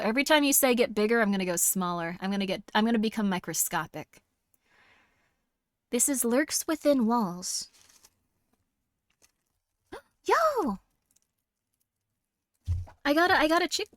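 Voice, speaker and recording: A woman's voice: medium pitch, no echo. A young woman streaming horror games, chatting casually in a bubbly, giggly, rambling way. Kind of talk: casual live-stream chat.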